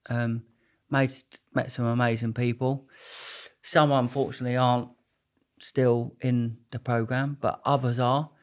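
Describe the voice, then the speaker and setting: Brief: male guest, casual storyteller, rambles and jokes, mid-pitched. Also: flat delivery, a little slow. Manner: rambling, jokey, restarts a lot.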